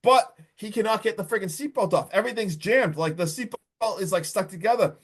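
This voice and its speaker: A man co-hosting a podcast, recapping a movie in an excitable, slangy way full of "dude" and "like". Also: high-pitched, a little fast, slightly rough. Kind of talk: casual podcast chat.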